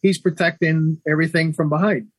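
Husky man explaining dog behavior. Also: fairly high pitch, a little fast, no room sound. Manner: calm, explanatory, clears throat often. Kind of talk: casual radio chat.

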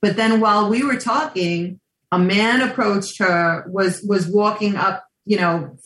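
A woman co-hosting a radio talk show, telling an anecdote in a chatty, relaxed way. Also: mid-range voice, a little slow, roomy sound, low-quality recording. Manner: storytelling, chatty, laughs easily. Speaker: radio co-host. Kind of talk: casual radio chat.

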